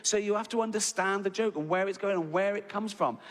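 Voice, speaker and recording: Crude comedian in an echoey hall. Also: male voice, high-pitched, brisk, a bit bright. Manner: crude, swearing, acts out both sides of arguments in raised voices. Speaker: stand-up comedian. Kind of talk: stand-up routine. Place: large theatre stage. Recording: live hall with reverb and audience noise.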